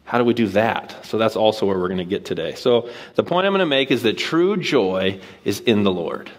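A man's voice: fairly low pitch, a little fast. A man preaching a sermon on a church stage, telling a personal story in a casual, conversational way before moving to his main point. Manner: casual, storytelling, animated quoted voices. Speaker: guest preacher.

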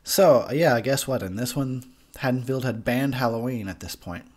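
A man's voice: medium pitch, moderate pace, a little mellow. A young man giving a tipsy, profane movie commentary, rambling and laughing at his own jokes. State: tipsy from beer.

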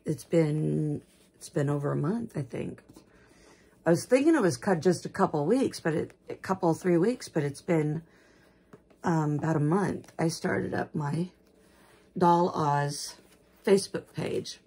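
A woman's voice: low voice, lively intonation, unhurried, mellow, slightly rough. A woman vlogging about her dolls in rambling, homespun casual chat that gushes with gasps. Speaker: doll collector vlogger.

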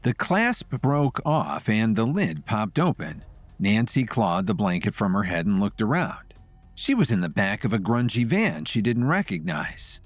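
Lively, low-voiced male storyteller. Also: no echo. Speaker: narrator. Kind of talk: scripted story narration.

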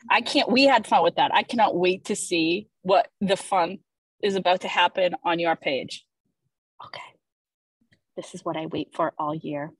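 Husky low-voiced woman, playful host. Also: dry recording, poor audio. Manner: playful and enthusiastic, jokey asides. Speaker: host presenting weekly social media content. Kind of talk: casual chat on a video call.

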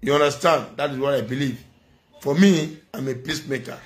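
A man's voice: medium pitch, fairly quick. Scolding Nigerian man lecturing. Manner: preachy, scolding, repetitive. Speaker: social media commentator. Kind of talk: impassioned monologue.

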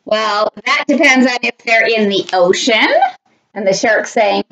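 A woman reading a picture book aloud to children, animated and laughing often. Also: on the high side, unhurried, highs cut off. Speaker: storytime reader.

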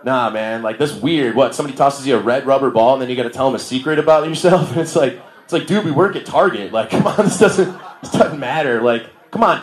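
A young man from Milwaukee, Wisconsin, does a loose, slangy stand-up set on a bar comedy stage, laughing at his own jokes. His voice is mid-range and fast, and the echoey bar room comes through in the recording.

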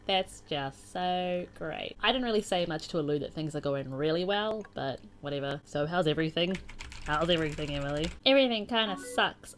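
A woman's voice: on the low side, fairly bright tone, slight background noise. A young woman casually commenting on a game she is playing and reading its chat messages aloud in a playful, chatty way. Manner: chatty and playful, reacting with sighs and laughs. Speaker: gaming YouTuber.

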